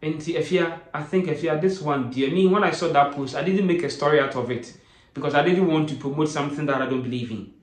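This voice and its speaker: A man's voice: a little high, fairly quick. Pleading Ghanaian man in an echoey room. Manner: earnest, pleading, mixing English and Twi. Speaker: online show host. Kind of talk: emotional commentary. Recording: roomy echoing sound.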